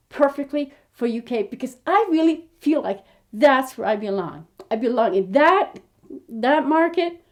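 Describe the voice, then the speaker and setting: Quirky, chatty fifty-year-old American woman. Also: high-pitched. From United States. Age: 50s. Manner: rambling, quirky, animated storytelling with frequent restarts. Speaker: aspiring actress and vlogger. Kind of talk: casual chat to camera.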